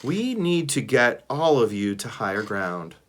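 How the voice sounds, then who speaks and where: A man voicing a gentle male gorilla who speaks slowly and deliberately. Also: medium pitch, big pitch swings. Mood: calm. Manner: slow, deliberate.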